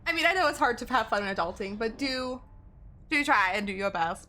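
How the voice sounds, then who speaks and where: Bright, chatty woman streamer. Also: a little high, sing-song, brisk, slight background noise. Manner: chatty, rambling, giggly. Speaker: game streamer. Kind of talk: casual live-stream chat.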